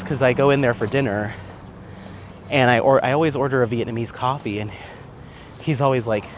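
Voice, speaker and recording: A man hosting a casual vlog while walking outdoors, chatting and laughing often as he reads out viewer comments. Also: mid-range voice. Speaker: vlog host. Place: outdoors on town streets. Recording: street noise, outdoor recording. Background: faint street and traffic sounds.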